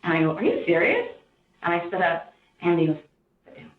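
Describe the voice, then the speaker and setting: A woman recounting events in a rambling, halting way, often quoting others in a raised voice, heard on distant interview-room audio. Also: lowish voice, flat delivery, roomy sound, narrow, tinny audio. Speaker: interviewee in police interrogation footage.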